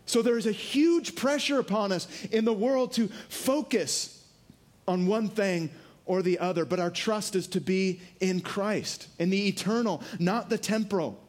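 A man preaching a sermon, lively and earnest, dropping his voice low for emphasis and acting out quotes. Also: unhurried. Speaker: pastor.

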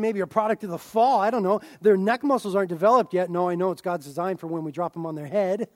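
A young man preaching a sermon, animated, with joking asides and loud emphatic stretches. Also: high-pitched, dry recording, clean studio sound. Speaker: pastor.

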